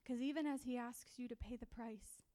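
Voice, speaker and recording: A woman preaching and sharing a personal testimony, halting and repeating herself, often breaking into tearful crying. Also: a little high, steady tone, dark tone. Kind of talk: sermon.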